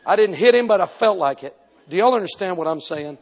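A man preaching a sermon as an evangelist, telling a story animatedly and breaking into sudden shouts. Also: high-pitched, lively intonation, fairly quick. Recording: echoey hall, dull lo-fi sound.

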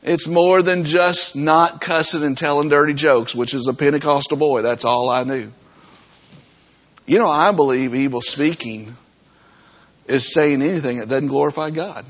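A man's voice: a little high, moderate pace, a bit bright, dull audio. A man preaching a sermon as pastor, talking straight to his congregation in a conversational way.

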